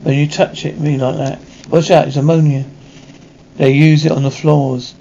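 A jittery, rambling pilot in a psych ward. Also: male voice, fairly high pitch, level tone, moderate pace, gravelly, warm tone, a little hiss or hum. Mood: agitated. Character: agitated male war pilot in a psych ward. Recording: dull lo-fi TV soundtrack.

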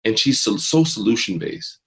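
A man's voice: fairly low pitch, expressive, moderate pace, a bit bright, husky, poor audio. A man in his forties, an interview guest and mindset coach, telling a personal story earnestly and acting out his own past thoughts.

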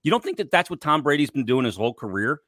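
A man's voice: mid-range voice, very animated, fast talker, a bit bright, no room sound, studio quality. A man co-hosting a sports talk show, emphatic and fond of rhetorical questions and wry jabs. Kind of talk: casual sports radio chat.

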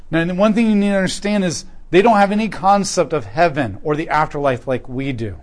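Emphatic man preaching, slightly high. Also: lively intonation, quick pace, hardly any pauses. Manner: emphatic, rising and falling in loudness when reading scripture. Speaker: pastor teaching a Bible class. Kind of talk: sermon teaching.

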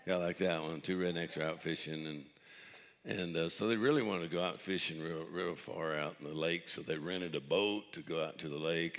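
Older man, low, joking pastor. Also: fairly bright tone, long reverb tail. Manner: joking, chuckles at his own jokes. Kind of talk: sermon with jokes.

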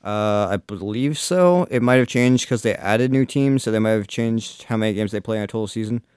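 Smooth-voiced man, casual, lots of uhs. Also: on the low side, fairly quick, darkish tone, no echo, clean studio sound. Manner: hesitant, many filler uhs. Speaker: podcast host reading sports news. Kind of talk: casual chat.

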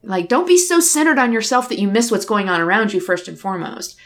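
A woman's voice: mid-range voice, big pitch swings, fast talker. Woman, conversational storyteller; candid, reflective, voices the dialogue. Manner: candid, reflective, acts out dialogue in her stories. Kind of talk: casual conversation, personal storytelling.

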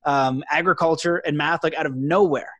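Rambling, excitable man host. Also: on the high side, moderate pace, a crowd in the background. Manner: rambling, enthusiastic, many fillers and restarts. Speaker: podcast host. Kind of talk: casual interview chat.

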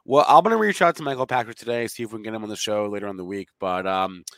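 A man's voice: fairly low pitch, very fast, fairly bright tone, clear, resonant tone, no room sound. A man of thirty-one co-hosting a casual stock market show, explaining news plainly. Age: 30s. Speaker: co-host.

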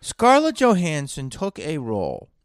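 Man, podcast host, slow and drawn out, profane, digressive, dry close sound. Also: on the high side, huge pitch swings, no echo. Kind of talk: rambling solo podcast storytelling. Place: hotel room.

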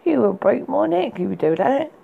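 A man doing Rapunzel, pert and high. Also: very animated, normal speed, vocal fry, slightly rough, phone-quality sound, full character voice. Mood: puzzled. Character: beautiful young woman locked in a tower.

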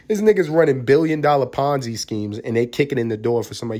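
A man's voice: mid-range voice, lively intonation, a little fast, breathy edge. Profane young New man rambling. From New York, USA. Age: young adult. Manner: profane, rambling, swings between loud and mumbled. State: getting over the flu. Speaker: podcast host. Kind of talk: casual monologue.

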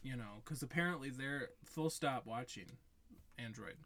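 A man's voice: mid-range voice, normal speed, bright, forceful tone. A young man co-hosting a podcast, casually telling a story and acting out quotes. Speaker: podcast co-host. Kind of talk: casual chat.

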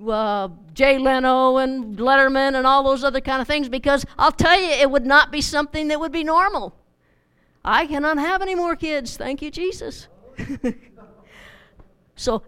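Middle-aged lady teaching bible study, chatty, repeats herself, smooth clear voice kinda high. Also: fairly bright tone.

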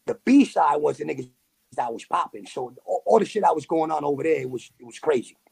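Gravelly streetwise New York man. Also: fairly high pitch, fast. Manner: streetwise, animated, full of slang and fillers. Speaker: podcast guest. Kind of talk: casual storytelling.

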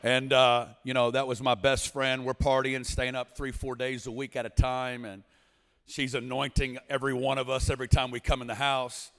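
A man in his forties from Arkansas, a guest preacher telling his testimony in a lively, storytelling way, breaking into shouts now and then, with long reverb from a big church hall. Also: medium pitch, moderate pace. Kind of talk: sermon testimony. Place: large church sanctuary.

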